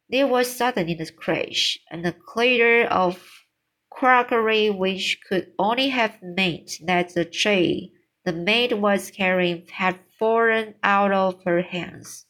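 Slow-reading woman storyteller. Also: mid-range voice, a bit bright, rough recording. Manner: unhurried reading with small restarts. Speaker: reader. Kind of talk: reading a children's book aloud.

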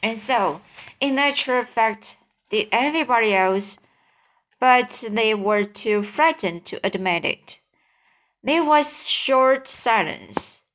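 Slow halting woman reading aloud. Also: medium pitch, fairly bright tone. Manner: halting, with slips and self-corrections. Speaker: reader. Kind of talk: reading a children's book aloud.

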